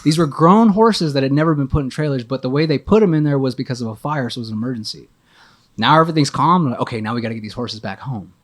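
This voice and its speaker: A man telling a story as a podcast guest, animated and full of swearing. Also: medium pitch, fast talker. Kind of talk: casual storytelling.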